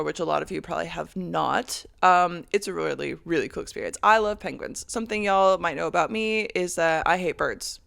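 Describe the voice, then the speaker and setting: Gravelly woman ranting on a podcast. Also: on the low side, fairly bright tone. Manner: rambling and profane, with frequent laughs. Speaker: podcast host. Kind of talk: casual monologue.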